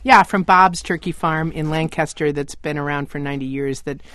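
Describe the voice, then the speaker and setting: A woman's voice: low voice, normal speed, a bit bright, dry recording. A woman restaurant owner, a guest on a call-in radio show, talking enthusiastically about food. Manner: enthusiastic, chatty, talks up her restaurant. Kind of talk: radio interview chat.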